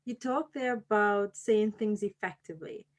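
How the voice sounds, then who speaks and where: A woman hosting an interview, asking calm, measured questions. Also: mid-range voice. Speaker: host.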